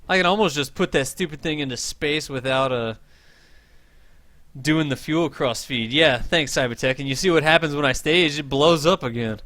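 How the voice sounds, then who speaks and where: A man's voice: on the high side, normal speed, dry recording. A young man with a general American accent, casually commenting on a space game he plays live and chatting with viewers between tasks. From American Southwest. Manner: relaxed, rambling, chats with viewers between tasks. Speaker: game streamer teaching spaceflight. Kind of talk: casual live-stream commentary while playing. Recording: loud music behind the voice.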